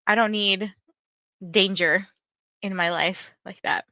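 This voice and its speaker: Young woman stream host, bright forceful voice, chatty, filler-heavy, dry slightly dull mic. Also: mid-range voice, drawn-out words, pauses often, no room sound. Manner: chatty storytelling, many "like" fillers, laughs often. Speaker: livestream host of reading sprints. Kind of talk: casual chat to livestream viewers.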